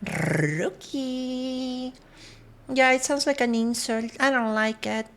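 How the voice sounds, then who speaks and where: A woman's voice: a little high, steady tone, normal speed, fairly bright tone, clean tone. A woman streamer, chatting casually with her viewers and greeting them one by one. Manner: chatty, greets viewers one by one, switches between English and Spanish.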